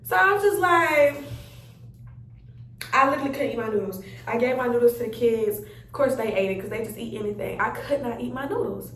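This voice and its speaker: A young woman, telling a story in an animated, chatty way and acting out her own reactions. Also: on the high side, brisk. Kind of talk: casual storytime chat. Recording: roomy sound, mic a bit far off.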